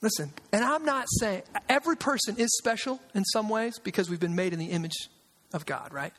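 Pastor, male, high voice, emphatic sermon in a reverberant hall. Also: brisk, a bit bright. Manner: conversational, emphatic, uses sarcasm and repetition.

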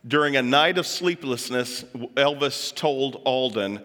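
Bright-voiced man talking in a reverberant hall. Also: mid-range voice, a little slow. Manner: chatty, joking asides, puts on voices for quotes. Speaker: speaker addressing an audience. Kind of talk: lively talk to a live audience.

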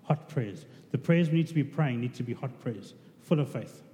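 A man's voice: medium pitch, animated, normal speed, mellow. A man preaching a conversational sermon, asking his congregation questions. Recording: reverberant hall with faint noise.

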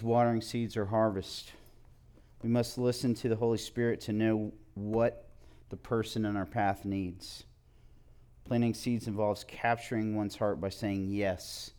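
A man's voice: lowish voice, darkish tone, smooth. A man teaching a church group in an earnest, partly read-out way.

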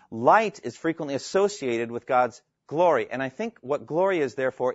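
A Bible teacher with a medium-pitched, mid-range voice teaches a live class and takes questions. He's earnest and emphatic, reading scripture aloud and explaining it. The recording is dry and lo-fi, with no echo.

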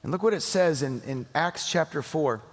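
A man's voice: fairly high pitch, animated, moderate pace. Earnest male pastor preaching in a hall. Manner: conversational preaching, earnest and emphatic. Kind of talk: sermon.

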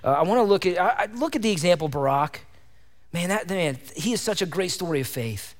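A male pastor delivers a fervent sermon in a high, expressive voice at a fairly quick clip, peppering his congregation with one rhetorical question after another. The recording carries a long hall reverb.

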